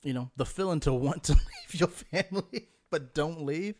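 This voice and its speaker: A man's voice: a little high, normal speed. Chill guy in his 30s, slangy, talking about his kids, easygoing. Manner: laid-back storytelling, slangy, acts out family voices. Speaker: podcast co-host, father. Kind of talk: casual chat.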